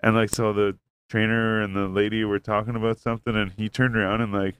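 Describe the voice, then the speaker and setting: A man's voice: lowish voice, flat delivery, a little fast, a bit bright, smooth. Rambling, profane storytelling man. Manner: rambling, profane, acts out quotes. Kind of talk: casual storytelling chat.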